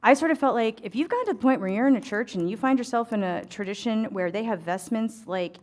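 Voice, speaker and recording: A middle-aged woman from the United States, an ecclesiastical tailor, telling a lively story to an audience and acting out the voices in her dialogue. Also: fairly high pitch, quick pace. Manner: animated, acts out dialogue, chatty fillers. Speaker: ecclesiastical tailor and embroidery speaker.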